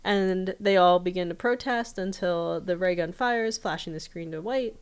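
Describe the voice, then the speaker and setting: Smooth-voiced woman retelling a cartoon. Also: fairly low pitch, moderate pace. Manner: chatty storytelling with fillers. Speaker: podcast host. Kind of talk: casual episode recap.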